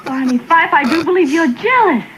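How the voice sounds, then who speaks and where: A woman's voice: high-pitched, expressive, moderate pace. An actress playing a playful small-town girlfriend in a 1960s sitcom, teasing her sweetheart. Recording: old TV clip with laugh track and hiss.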